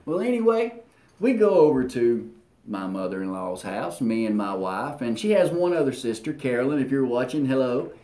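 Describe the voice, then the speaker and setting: A man spins a long, animated anecdote in a middle-range voice. He ribs himself as he goes. The room adds a noticeable echo. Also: mid-range voice, moderate pace. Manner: animated, self-deprecating, acts out quotes. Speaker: co-host. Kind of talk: rambling anecdotal storytelling. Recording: roomy echo.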